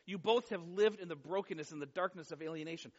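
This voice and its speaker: A man with a high voice preaches in a lively, conversational way, dropping playful asides between passages. The sound is a little dull, and his voice trails off into a long hall reverb, as from a church sanctuary. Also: fast. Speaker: pastor. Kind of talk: sermon.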